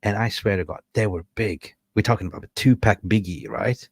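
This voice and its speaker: A man's voice: on the low side, fairly quick, gravelly, slightly rough, no room sound. A man from Sweden, co-hosting a chatty podcast and telling rambling stories full of fillers and chuckles. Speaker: podcast co-host. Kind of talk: casual chat, storytelling.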